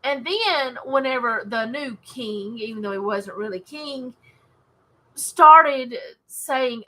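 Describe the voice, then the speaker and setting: A woman's voice: fairly high pitch, animated, takes it slowly, sharp tone. A woman with a Southern US accent, reading scripture and chatting about it casually at her desk at home, digressing often and laughing. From Alabama, USA. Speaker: Bible study host. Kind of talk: casual Bible reading and commentary.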